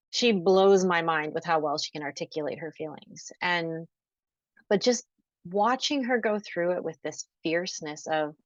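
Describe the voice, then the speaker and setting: A woman guest telling a personal story in an interview, earnest and emotional, going soft at the sad parts. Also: mid-range voice, no room sound. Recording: dull, dry, lo-fi audio.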